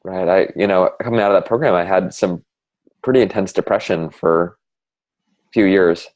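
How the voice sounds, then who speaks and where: A man in a casual heartfelt conversation, speaking reflectively and haltingly with many fillers. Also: deep voice, a little mellow. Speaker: conversation partner sharing reflections.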